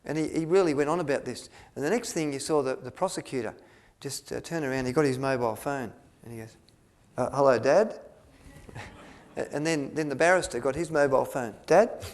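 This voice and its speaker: A man's voice: medium pitch, a little fast. Rambling man telling stories. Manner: rambling, with many restarts and fillers, acting out quotes. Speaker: speaker at a health retreat. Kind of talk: storytelling talk to an audience.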